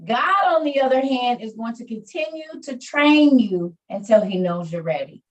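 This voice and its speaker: Woman host on a video call, chatty, slightly higher voice, a bit off-mic, encouraging listeners. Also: expressive, moderate pace, far from the mic, muffled recording. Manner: chatty, addresses listeners as y'all, preachy about faith. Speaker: online meeting host. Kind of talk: casual chat and encouragement to listeners.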